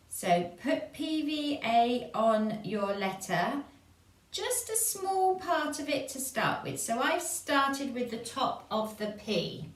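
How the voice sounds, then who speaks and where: An English woman with a gentle, encouraging manner, showing children a craft step by step for a church activity. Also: on the high side, far from the mic. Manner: slow, gentle, encouraging, checks in with "okay?". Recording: echoey room, voice off-mic.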